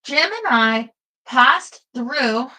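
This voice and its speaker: A woman giving a lively first-person audiobook narration. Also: high-pitched, very slow, rough recording.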